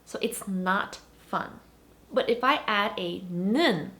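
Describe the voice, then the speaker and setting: Lively woman explaining grammar. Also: mid-range voice, unhurried. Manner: animated, emphatic explaining. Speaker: Korean language teacher. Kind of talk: explanatory online grammar lesson.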